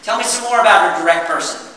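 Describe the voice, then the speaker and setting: A man giving an interactive workshop presentation, animated and drawing answers from his audience. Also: high-pitched, fast. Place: meeting room with an audience. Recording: echoey hall, mic far off.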